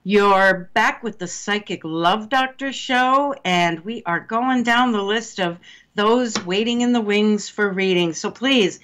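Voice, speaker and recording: A woman's voice: mid-range voice, slow pace. Motherly woman radio show host. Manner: warm and motherly, calls callers honey and darling. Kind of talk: casual radio chat.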